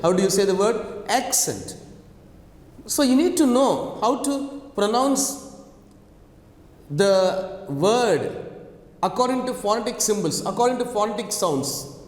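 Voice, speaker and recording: A man with an Indian accent teaching English pronunciation, repeating each sound and checking in with his students with many fillers. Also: high-pitched. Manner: repetitive, drills sounds slowly, frequent fillers and check questions. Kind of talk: online lesson. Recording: echoey room, long reverb.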